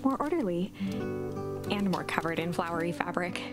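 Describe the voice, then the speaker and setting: A woman reading the scripted narration of a storybook game in a measured, gentle way. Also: on the low side, expressive. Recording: game music underneath.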